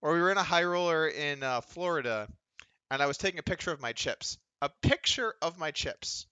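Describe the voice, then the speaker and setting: A man's voice: on the high side, expressive, brisk, sharp tone, smooth, no echo. A man, chatting casually and sardonically while streaming poker from home. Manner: rambling, sardonic, mocking impressions of others. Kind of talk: casual livestream chat while playing online poker.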